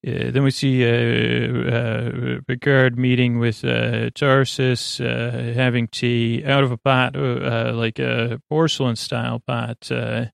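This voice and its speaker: A man hosting a sleep podcast, casually retelling a story in a slow, meandering way full of filler words. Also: flat delivery, vocal fry, clean tone, no room sound, clean studio sound. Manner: meandering, many uh fillers and 'he goes'; slow, low-key delivery. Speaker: podcast host. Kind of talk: rambling sleep-podcast episode recap.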